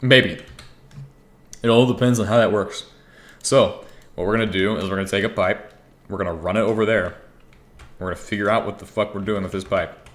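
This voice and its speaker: Low-voiced young man rambling over gameplay. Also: fairly even intonation, brisk, long pauses. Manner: rambling, swears freely, talks to himself. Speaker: gaming streamer. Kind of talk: casual gameplay commentary.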